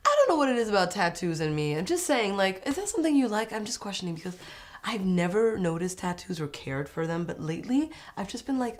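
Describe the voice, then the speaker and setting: Chatty, sarcastic young woman. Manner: chatty, sarcastic, mimics people in high mocking voices. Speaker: reality TV recap vlogger. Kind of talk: casual opinionated recap.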